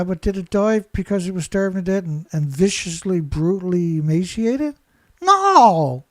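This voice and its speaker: A man's voice: high voice, a little mellow, no room sound. A man commentating alone in a sarcastic, mocking way, firing off rhetorical questions, laughing and leaning hard on key words. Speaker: environmental commentator.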